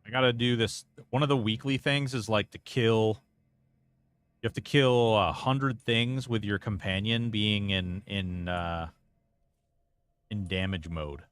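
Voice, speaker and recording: A man's voice: on the low side, fairly even intonation, unhurried, a bit bright, clean tone. A man streaming a game and chatting casually, rambling and reacting as he plays, swearing freely into a close desk mic. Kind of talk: casual live-stream gameplay commentary.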